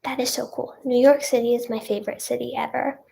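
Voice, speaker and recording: Young female singer, casual livestream chat, gushy and effusive, slightly high-pitched, slips into whispers now and then. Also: steady tone, quick pace, gravelly, warm tone, husky. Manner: bubbly and gushing, with frequent "oh my gosh" and "like".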